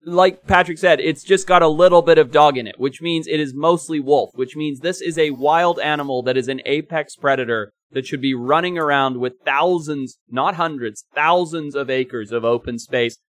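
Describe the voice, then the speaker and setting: A young man from Africa, co-hosting a podcast, telling stories in an animated, emphatic way, sometimes swearing. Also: on the high side, normal speed, few pauses, no echo. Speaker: podcast co-host. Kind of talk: casual chat and storytelling.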